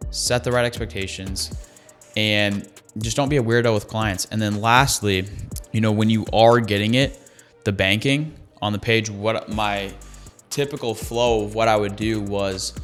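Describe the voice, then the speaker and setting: A man's voice: fairly low pitch, fairly bright tone. A man giving sales training in an emphatic, conversational way, repeating his key phrases. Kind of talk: coaching talk on sales calls.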